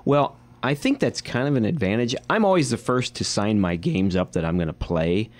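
A man's voice: fairly low pitch, expressive, moderate pace. A man co-hosting a podcast who runs games himself, chatting casually and chiming in with short agreements. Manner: brief affirming interjections. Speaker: podcast co-host and game master. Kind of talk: casual chat.

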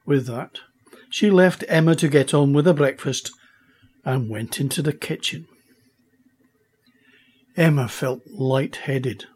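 A man reading a children's story aloud, expressive and unhurried. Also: fairly high pitch, husky. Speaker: audiobook reader. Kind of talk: storybook narration.

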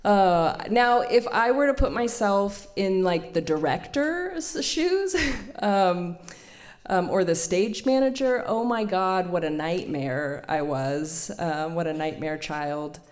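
A woman with a low voice for her sex tells a personal story to a live audience. She is in her thirties and hosts the evening. She talks in a chatty way, laughs often, and fills pauses with small hesitations. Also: animated, a little mellow. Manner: chatty, laughing, many fillers. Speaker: storytelling event host and storyteller.

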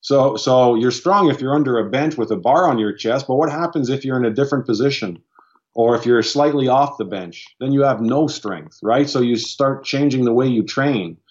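A man's voice: mid-range voice, a little mellow, muffled recording. A man speaking as a guest in casual chat, blunt and profane, often restarting his sentences. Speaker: podcast guest.

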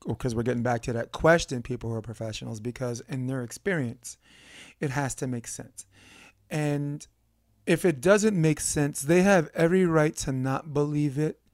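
A man's voice: on the high side, moderate pace, no echo, clean studio sound. A man hosting a podcast, musing and rambling in casual conversation, often checking in with "right?". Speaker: podcast host.

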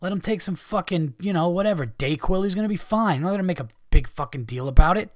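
A man's voice: high voice, expressive, fast, dry recording, studio quality. Profane, exasperated man ranting. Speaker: podcast host. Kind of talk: ranting monologue.

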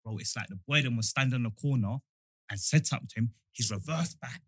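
A man's voice: medium pitch, fast talker, no echo, clean studio sound. A young man telling a story in casual chat with friends, acting out other people's voices. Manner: animated, acts out voices in his stories.

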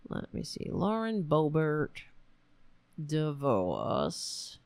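Slow, gravelly American woman ranting. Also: deep voice, very animated, darkish tone, dry recording. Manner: rambling, profane, laughs often, talks to chat. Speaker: political talk show host. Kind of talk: casual live-stream commentary. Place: home.

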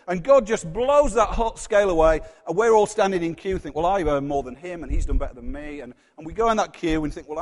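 A middle-aged man preaching a sermon, earnest, often repeating words and acting out the voices he quotes. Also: high-pitched. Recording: long reverb of a church hall.

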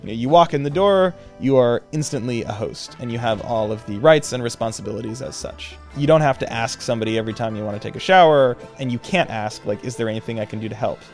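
A man's voice: medium pitch, animated, quick pace, gravelly, few pauses, faint music behind. A man telling a personal travel story in a casual, chatty way, with lots of ums and you-knows. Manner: casual and chatty, with many fillers.

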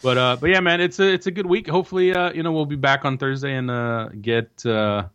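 Fast teasing soccer podcast guy, dull dry audio, laughs a lot. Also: mid-range voice, fairly bright tone, clean tone, no echo. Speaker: podcast co-host. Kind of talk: casual chat. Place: recording late at night.

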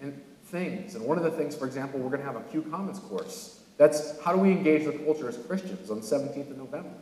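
A man from California preaching a sermon as pastor, animated, with sudden emphatic rises. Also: medium pitch, quick pace. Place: church sanctuary. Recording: echoey church hall.

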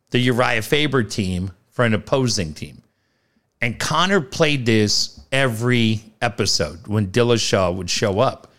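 A male podcast co-host trades casual sports banter in a lively, swooping voice that jumps high whenever he gets worked up. He laughs at his own jokes and talks with easy, animated energy.

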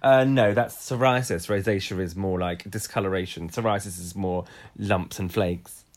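A man's voice: low voice, moderate pace. A man co-hosting a podcast in easy, casual chat. He rambles and restarts his sentences, stumbling through fillers, and breaks into giggles often. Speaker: podcast co-host.

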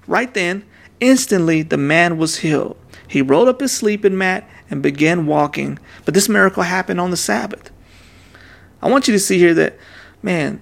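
Male pastor, 30s, gravelly fry, casual street-talk sermon delivery. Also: a little high, fairly bright tone. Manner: casual, conversational preaching with slang asides.

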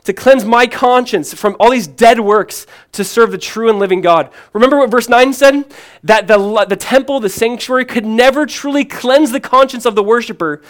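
With an extremely high voice and a moderate pace, a man preaches as a pastor. His delivery is earnest and emphatic, built on questions he answers himself, and it moves from powerful proclamation into hushed asides where he keeps saying "man."

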